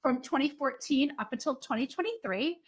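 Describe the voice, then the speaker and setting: A woman speaking in a played podcast clip, explaining workforce survey data in a steady, informative way. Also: high voice, a little fast.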